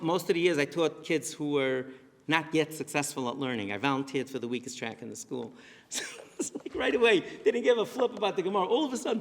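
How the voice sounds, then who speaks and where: A middle-aged man, a rabbi, giving a lively storytelling talk to a live audience and repeating phrases for emphasis. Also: fairly high pitch, quick pace, slight background noise. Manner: animated, repeats himself for emphasis. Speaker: rabbi and speaker. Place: synagogue hall with a live audience. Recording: long reverb in a synagogue hall.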